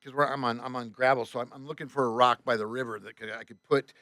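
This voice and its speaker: A tour bus driver telling a road story on a podcast, animated and profane, with lots of restarts. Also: male voice, medium pitch, fast, dry recording, studio quality.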